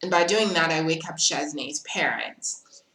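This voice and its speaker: A woman vlogger telling a personal story in an animated way and acting out what other people said. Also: sits low, unhurried. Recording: roomy, echoey room.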